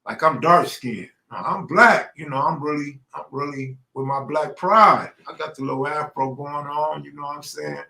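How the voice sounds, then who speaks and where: A man's voice: fairly high pitch, steady tone, normal speed, creaky, hardly any pauses, bright, forceful tone. A middle-aged man from Los Angeles telling a true story in a casual, slangy way, acting out the people he quotes. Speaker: storyteller host. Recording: roomy echo.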